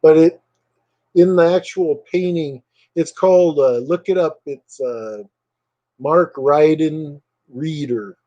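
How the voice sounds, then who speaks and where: Guy doing a laid back livestream at home, mellow dark voice, lots of uhs, reads the chat out loud. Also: on the high side, takes it slowly, lo-fi sound. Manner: rambling, reads viewer comments aloud; relaxed, hesitant with many fillers. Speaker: livestream host.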